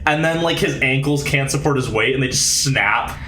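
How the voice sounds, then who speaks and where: A man co-hosting a casual podcast, retelling a book scene and acting out the characters with loud exclamations. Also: mid-range voice, normal speed, a little hiss or hum. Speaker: podcast co-host. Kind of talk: casual chat. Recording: roomy echo.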